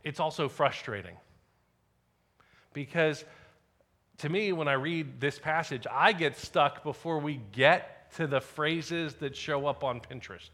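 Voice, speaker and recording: A man preaching a sermon as the pastor, telling a personal story in a conversational way and dropping to quiet asides. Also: a little high, measured pace.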